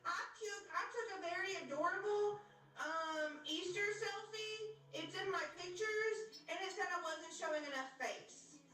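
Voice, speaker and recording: Woman, high voice, chatty livestream talk, distant from mic, echoey. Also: sharp tone. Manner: chatty, quick, casual. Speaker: app streamer. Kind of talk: casual livestream chat.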